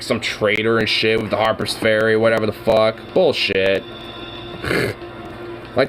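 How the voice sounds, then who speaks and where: A man's voice: medium pitch, a bit bright, rough recording. A man streaming and chatting casually, swearing constantly and rambling heatedly with lots of fillers.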